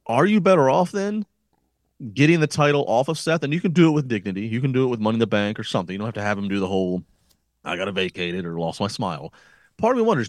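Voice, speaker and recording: A man's voice: medium pitch, no room sound, clean studio sound. A man co-hosting a wrestling podcast, thinking aloud in casual chat with frequent restarts. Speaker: podcast co-host.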